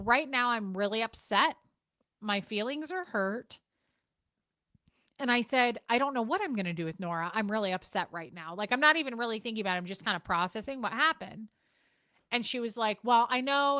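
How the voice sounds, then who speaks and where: A woman vlogger rants to the camera casually, frank and exasperated, swearing and repeating herself. Her medium-pitched voice has a sharp tone, captured in a dry, studio-quality recording.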